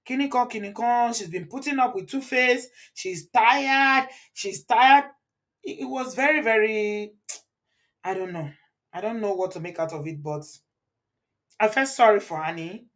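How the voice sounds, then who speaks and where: A Nigerian woman hosting a live online show and reading her viewers' comments aloud. Her talk is chatty and loose, and she drops into Pidgin and Yoruba. She breaks into laughter often. Her voice sits at a middle pitch for a woman. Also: normal speed. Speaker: channel host.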